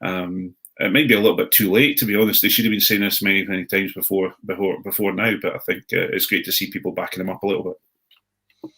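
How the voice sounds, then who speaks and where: A man co-hosting a rugby podcast, thinking aloud with many pauses and restarts. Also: sits low, level tone, a bit bright. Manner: hesitant, many fillers and restarts. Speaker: podcast co-host. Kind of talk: casual chat.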